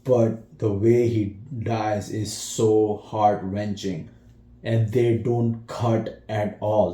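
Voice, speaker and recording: A man's voice: on the low side, warm tone. A man reviewing a film in casual speech, retelling scenes with feeling and many restarts. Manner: slow, emotional retelling with acted quotes and restarts. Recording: echoey room.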